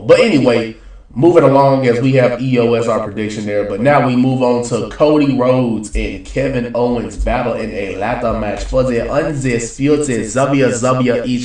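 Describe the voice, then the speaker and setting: A young man talking casually and predicting wrestling results, in a loose, slangy, rambling way. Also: fairly low pitch. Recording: roomy echo, voice a bit far from the mic.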